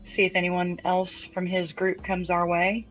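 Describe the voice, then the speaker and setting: A woman's voice: fairly low pitch, completely flat delivery, a little slow, a bit bright, lo-fi sound, soft background music. A woman playing a tabletop game, talking casually and playfully. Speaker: player.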